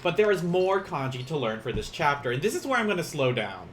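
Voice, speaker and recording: On the high side and very animated, a man talks fairly quickly as he gives an informal online language lesson, counting strokes aloud while he writes. Chatty and self-deprecating, he laughs a lot, with slight background noise.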